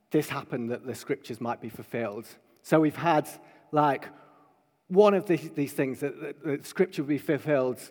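A man preaching a sermon to his congregation, building emphatically to loud proclaiming peaks. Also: mid-range voice. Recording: long hall reverb.

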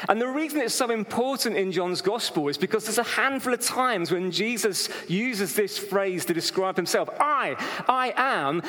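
Man preaching in a reverberant hall. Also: sits high. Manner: lively and conversational, with humorous asides and acted-out quotes. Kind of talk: sermon to a live congregation. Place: hall with congregation.

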